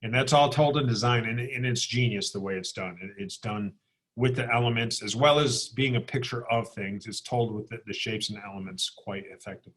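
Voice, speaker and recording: A man's voice: lowish voice, brisk, fairly bright tone. A man teaching an art class, walking students through comic book pages in a recorded lecture, explaining as he goes and often restarting phrases. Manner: explanatory, with frequent restarts and "okay?" check-ins. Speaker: art instructor.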